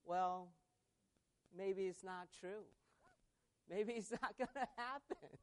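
A woman preaching a sermon, reading scripture aloud and building from a measured delivery into emphatic proclamation. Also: mid-range voice, a little mellow.

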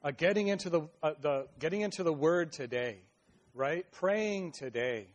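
A man preaching a sermon, reading verses slowly and then exhorting earnestly with many restarts and "right?" tags. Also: fairly high pitch, expressive.

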